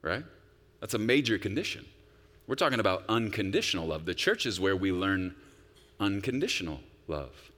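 A man preaching a sermon as pastor, swinging between hushed asides and loud emphatic lines. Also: sits low, big pitch swings, normal speed. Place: church sanctuary. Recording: long hall reverb.

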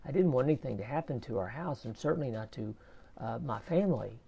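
A man slowly telling a personal faith story in a casual, halting way, often repeating his words. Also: mid-range voice, expressive, vocal fry, dark tone, breathy edge. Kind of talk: casual spoken testimony.

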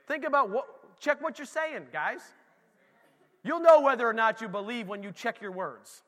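A man preaching a casual sermon as pastor, animated and talking straight to the congregation. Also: high voice, long reverb tail.

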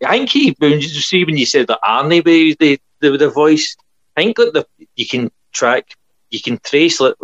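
A man's voice: on the high side, animated, moderate pace, fairly bright tone, dry recording. Scottish man telling stories, muffled dry sound. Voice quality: chatty storyteller, laughs often. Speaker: podcast co-host. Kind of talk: casual chat.

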